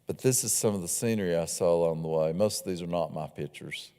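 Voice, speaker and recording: Low-voiced author speaking in an echoey hall. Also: male voice, quick pace, clean tone. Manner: relaxed and conversational, with fillers. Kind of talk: author talk and book reading. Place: lecture hall.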